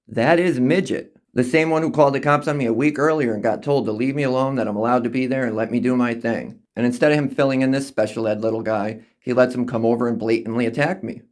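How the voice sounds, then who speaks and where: A man's voice: mid-range voice, steady tone, fast talker, few pauses. A man filming outside on a public sidewalk, arguing and mocking people in a combative, sarcastic way, and narrating over his own footage. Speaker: camera-carrying activist filming a courthouse. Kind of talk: narrated video commentary and street confrontation. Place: outdoors on a public sidewalk by a street.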